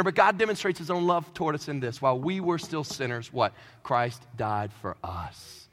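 Male pastor, lively comic sermon, high pitch, echoey hall. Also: moderate pace, hardly any pauses. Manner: animated, joking, rising to shouts.

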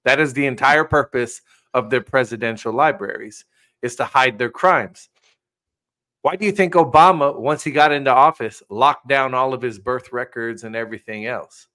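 A man with a bright, forceful voice co-hosts a loose political talk show. He speaks emphatically and turns to address his viewers directly, pressing each point hard. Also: mid-range voice, moderate pace. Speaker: co-host. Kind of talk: casual political commentary.

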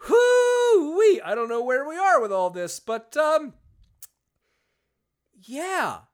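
A man's voice: extremely high pitch, very animated, takes it slowly, a bit bright, clear, resonant tone. A man co-hosting a podcast, chatting casually and reading book passages aloud with sardonic asides. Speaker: podcast co-host.

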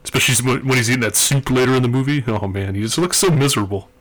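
A man's voice: medium pitch, rapid-fire. A man co-hosting a podcast, talking through his thoughts earnestly in casual chat. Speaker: podcast co-host.

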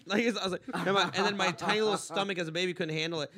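A man's voice: sits high, racing. A man from Los Angeles, a comedian hosting a podcast, telling crude jokey stories. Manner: animated storytelling, profane and joking. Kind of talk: casual podcast chat.

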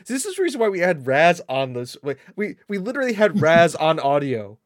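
Man, casual podcast chat, rambling, slightly high voice, dry close recording. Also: wildly swooping pitch, moderate pace, dry recording. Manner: rambling, self-mocking, repeats words. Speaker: podcast co-host.

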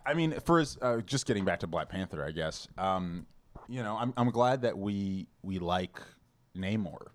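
A man co-hosting a podcast in casual chat, animated, swearing and rambling with restarts. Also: low-pitched, normal speed. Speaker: podcast co-host.

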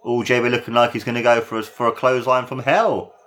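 A man giving casual, excitable play-by-play commentary on a wrestling match, his voice jumping up at big moves and swearing now and then. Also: medium pitch, fast talker.

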